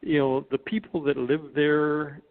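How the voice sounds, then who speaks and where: A man's voice: on the high side, flat delivery, a little slow. A man, an artist guest in a radio interview, speaking reflectively, stammering and filling gaps with uh. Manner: reflective, stammers, many uhs. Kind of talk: conversational interview. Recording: tinny phone-line sound.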